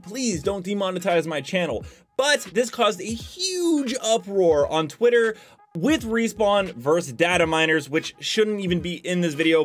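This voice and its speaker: A man giving casual gaming commentary as a YouTuber, chatty with joking asides. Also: high voice.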